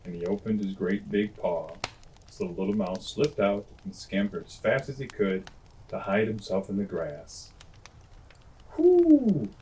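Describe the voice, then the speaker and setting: A man reading classic children's stories aloud at bedtime, gentle and homely, with chatty asides. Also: low voice, normal speed, a little hiss or hum, rough recording. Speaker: storyteller. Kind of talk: bedtime story read-aloud.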